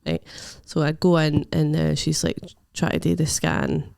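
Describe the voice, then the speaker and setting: A woman's voice: low voice, very animated, measured pace, gravelly, a little mellow, no echo, clean studio sound. A Scottish woman co-hosting a podcast, telling a personal story frankly in casual chat, with blunt swearing and easy laughs. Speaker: podcast co-host.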